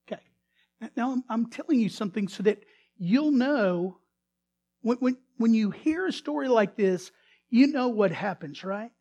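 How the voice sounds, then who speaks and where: In an unhurried, expressive way, a man with a very high-pitched voice tells a story dramatically during his sermon. He keeps restarting or repeating his words, alternating between loud, emphatic moments and quiet ones.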